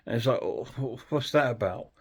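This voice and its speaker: A man's voice: mid-range voice, expressive, normal speed. A man chatting bluntly and ramblingly as he reviews a film for his channel. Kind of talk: casual film review vlog.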